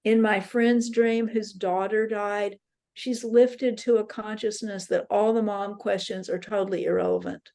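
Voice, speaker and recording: In an interfaith center meeting room, a woman leads a dream workshop, sharing her own dream stories in an earnest, reflective way. Her mid-range voice is warm and creaky, with a steady tone and an unhurried pace.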